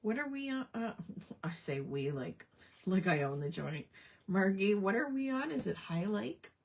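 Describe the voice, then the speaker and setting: A woman's voice: medium pitch, very animated, unhurried. A woman hosting a casual livestream crafting chat, talking with friends and muttering to herself as she works. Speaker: craft show host.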